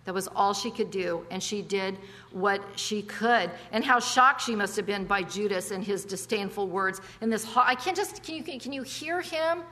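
A woman's voice: mid-range voice, moderate pace, hardly any pauses, sharp tone, big-room sound. A woman preaching a conversational sermon, emphatic, with chatty asides and rhetorical questions.

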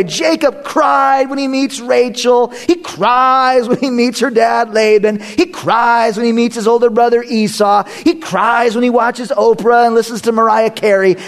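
A man's voice: very high-pitched, measured pace, hardly any pauses, fairly bright tone. A man preaching a sermon as a pastor, joking and conversational, often breaking into laughter.

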